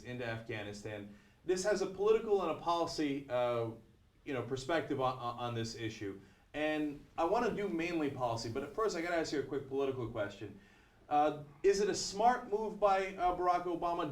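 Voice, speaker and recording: Male web talk show host, somewhat high voice, lively and chatty, lots of uh's. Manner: energetic, animated, many fillers.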